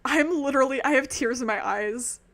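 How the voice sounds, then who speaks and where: A woman's voice: high voice, normal speed, fairly bright tone. A woman streaming a video game, chatting casually and emotionally about the story with many ums and asides. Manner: gushing, emotional fan with lots of ums. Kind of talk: casual game commentary and reading dialogue aloud.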